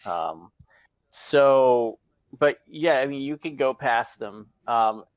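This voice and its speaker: A man narrating a tabletop game as game master, halting and chuckling as he goes. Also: mid-range voice, lively intonation, dry recording. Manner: halting, many fillers and restarts, chuckling.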